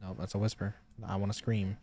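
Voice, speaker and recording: A man's voice: fairly low pitch, flat delivery, fairly quick, dark tone, a little hiss or hum. A man streaming a game live, chatting casually, calling out to the ghost and grumbling about game updates. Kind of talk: casual live gameplay commentary.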